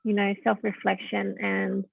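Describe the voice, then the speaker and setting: Woman caller, husky, flat delivery, thin phone-line sound. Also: mid-range voice, unhurried, no echo. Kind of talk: casual chat. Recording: tinny, dry phone line.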